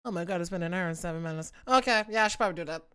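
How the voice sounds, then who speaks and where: A woman's voice: on the low side, racing, a bit bright, slight background noise. A woman from the United States streaming live, chatting casually with viewers in a rambling way, often cutting herself off mid-sentence.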